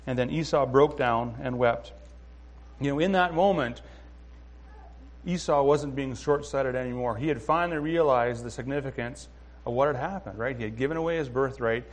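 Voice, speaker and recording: A man's voice: on the high side, normal speed. A man giving an informal sermon, talking conversationally with fillers and restarts and often checking in with listeners. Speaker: preacher.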